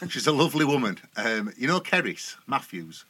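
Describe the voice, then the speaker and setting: A man's voice: mid-range voice, very animated, pushed and bright, slight background noise. A man with a Sheffield accent, chatting bluntly and swearing freely as a podcast co-host. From Sheffield, England. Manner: blunt and sweary, quick banter. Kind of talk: casual podcast chat.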